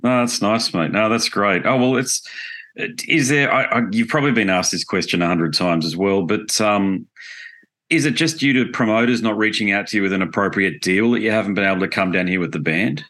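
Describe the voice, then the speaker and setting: A man's voice: fairly low pitch, brisk, fairly bright tone. A man with an Australian accent hosting a podcast, chatting casually and calling his guest "mate". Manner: chatty, matey, says "mate" often. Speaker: podcast host. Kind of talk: casual interview chat.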